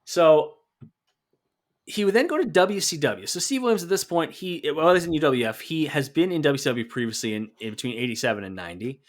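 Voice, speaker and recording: A man's voice: a little high, expressive, brisk. A man co-hosting a wrestling podcast, chatting casually and joking as he recaps matches. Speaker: podcast co-host.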